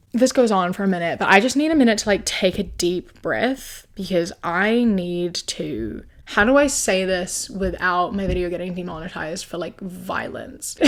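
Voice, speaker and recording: A woman's voice: medium pitch, expressive, moderate pace, hardly any pauses, a bit bright. A young woman with a New Zealand accent giving casual, blunt reaction commentary on online posts, full of "like" fillers. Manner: blunt, exasperated, many "like" fillers.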